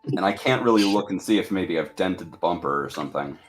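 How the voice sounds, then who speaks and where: A man playing his character in a tabletop game, deliberate and freely swearing. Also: low voice, soft background music. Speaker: player. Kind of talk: casual tabletop play.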